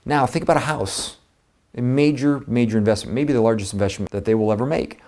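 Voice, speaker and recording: A man giving an energetic, conversational coaching talk to real estate agents, speaking with emphasis. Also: mid-range voice, brisk.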